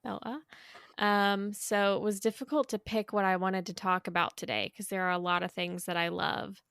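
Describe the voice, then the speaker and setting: A woman's voice: medium pitch, steady tone, normal speed, gravelly, a bit bright, clear, resonant tone, no room sound, studio quality. A woman joining a podcast as a guest, chatting in a bubbly, giggly and slightly self-conscious way. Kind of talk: casual podcast chat.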